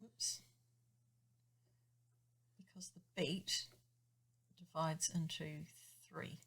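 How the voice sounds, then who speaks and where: A woman's voice: deep voice, steady tone, very slow, gravelly, fairly bright tone, slightly rough. A woman piano teacher patiently explaining time signatures and counting beats aloud in a chatty way. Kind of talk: explaining music theory in a lesson.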